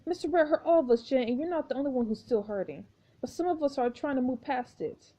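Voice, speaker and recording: A sharp-tongued young woman snaps fast, biting retorts, as a woman voices her. The voice is high with a mellow, soft edge, from a mobile story game. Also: animated, highs cut off. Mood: angry.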